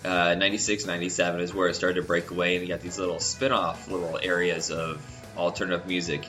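A man talking loosely about old alternative bands, his voice sitting very low, with a bright, forward edge. A cold has him congested, which thickens his usual nasal sound. Faint music plays behind him. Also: flat delivery, fast. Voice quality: normally nasal voice. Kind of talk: casual chat about 90s music.

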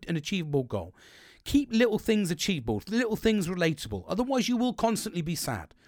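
A man's voice: mid-range voice, no room sound, studio quality. A man talking candidly as a livestream host, rambling, swearing heavily and laughing often as he gives motivational chat.

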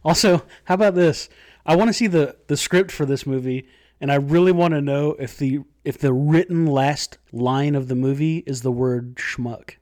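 A man's voice: fairly high pitch, a little mellow. Sarcastic man joking through a movie review. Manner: sarcastic, quick jokes, frequent laughing. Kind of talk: casual movie review chat.

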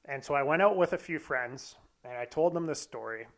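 Brief: young man, candid and profane, slightly higher voice, casual anecdote. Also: lively intonation, a little fast. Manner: candid, profane, self-deprecating. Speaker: storyteller.

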